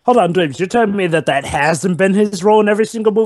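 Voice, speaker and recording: A man's voice: sits high, fast, no room sound. A man joking and interjecting during a casual group movie commentary. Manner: jokey, mock-dramatic interjections.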